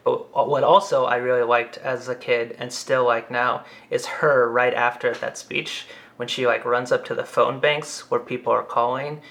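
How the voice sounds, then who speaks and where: A man's voice: normal speed, gravelly, hardly any pauses. A man in a casual film discussion, talking with fillers and acting out scenes he describes. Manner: animated, acts out quoted lines with big pitch jumps.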